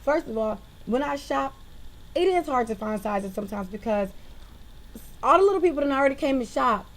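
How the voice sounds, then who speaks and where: Young-sounding woman with a raised pitch, venting at home into a webcam. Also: brisk, rough recording. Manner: animated, exasperated ranting. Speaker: vlogger. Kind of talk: casual venting monologue.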